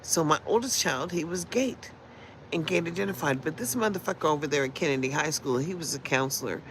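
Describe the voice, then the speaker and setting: A woman's voice: sits low, animated, a little fast, a little hiss or hum, low-quality recording. A woman in her sixties ranting bluntly and profanely on a casual livestream, rambling from point to point. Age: 60s. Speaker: livestream host. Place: in Las Vegas.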